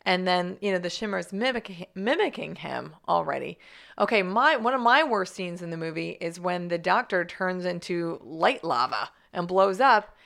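A woman co-hosting a casual movie chat, animated, laughing often, with many fillers. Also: fairly low pitch, normal speed, creaky. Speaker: podcast co-host.

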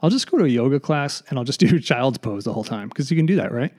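A man's voice: medium pitch, animated, quick pace, darkish tone. A man hosting a solo comedy podcast, rambling and self-deprecating, slightly out of breath. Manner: self-deprecating, digressive, mock voices. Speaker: podcast host. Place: basement room.

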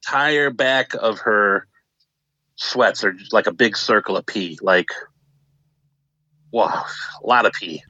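A man's voice: on the low side, takes it slowly, long pauses, no room sound. A young man telling a funny personal story, acting out the people in it. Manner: animated, acts out voices of people in the story. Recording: dull lo-fi dry recording.

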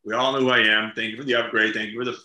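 Guy chatting about acting, laughs a lot, super bright tone, roomy echo. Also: fairly low pitch, level tone, racing. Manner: chatty, laughs while telling stories. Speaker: actor guest. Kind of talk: casual interview chat.

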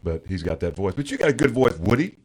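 A middle-aged man hosting a podcast in casual chat, easygoing and quick with shout-outs. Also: on the low side, big pitch swings, slightly rough. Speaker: podcast host.

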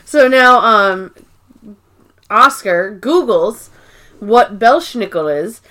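A woman's voice: fairly high pitch, lively intonation, slow, pushed and bright. Chatty young woman recapping a show. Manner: chatty, swearing, frequent "like" and "um". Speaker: podcast co-host. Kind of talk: casual recap chat.

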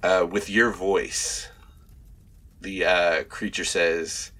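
A man narrating a tabletop horror game as game master, describing a transformation slowly with many fillers and pauses. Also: deep voice, steady tone, sharp tone.

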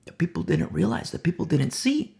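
A man delivering a Bible study sermon whose pitch rises and falls in an animated way. He repeats phrases for emphasis and keeps asking the listeners rhetorical questions. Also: a little fast, creaky. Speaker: preacher.

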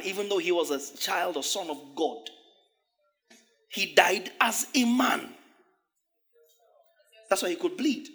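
A man preaching a sermon, animated, laughing often and acting out the voices of biblical figures. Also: high voice, creaky. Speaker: pastor.

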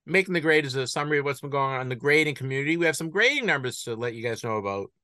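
A man with a Boston accent co-hosting a casual podcast, animated, with frequent restarts. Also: mid-range voice, racing, no echo. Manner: animated, stumbling restarts, laughs easily. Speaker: podcast co-host. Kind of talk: casual chat.

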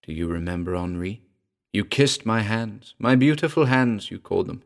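A man's voice: fairly low pitch, moderate pace, gravelly. A man voicing the ghost of a dead actress, speaking tenderly and sadly in a throbbing contralto. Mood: sorrowful. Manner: tender, mournful.

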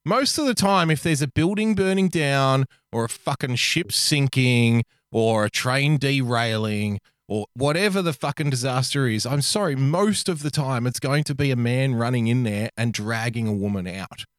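A man's voice: medium pitch, normal speed, few pauses, no echo, studio quality. A man co-hosting a podcast, riffing in a joking, sweary way and laughing often. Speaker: podcast co-host. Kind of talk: casual comedic chat.

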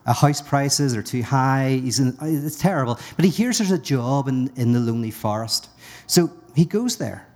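A man's voice: medium pitch, lively intonation, moderate pace, darkish tone. A man telling a parable at a live talk, playful and rambling, often interrupting himself. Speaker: guest speaker. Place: brewery, live audience.

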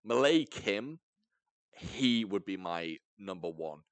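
A man hosting a podcast, telling stories in casual chat, animated and jumping up in pitch for emphasis, with some swearing. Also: slow pace, no room sound. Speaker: podcast host.

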